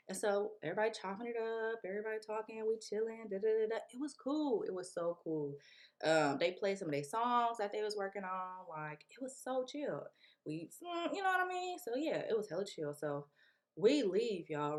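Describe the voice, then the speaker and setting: A young woman vlogging, telling a story in a casual, slangy, animated way and acting out what people said. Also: medium pitch, moderate pace. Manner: animated, slangy, acts out quotes.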